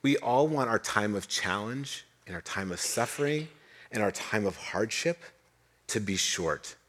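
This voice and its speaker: A middle-aged man preaching a sermon, telling a Bible story with lively voiced quotes and dropping to soft, low tones for emphasis. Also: a little slow. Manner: animated storytelling, voicing biblical figures, drops to soft low tones for emphasis. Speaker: pastor.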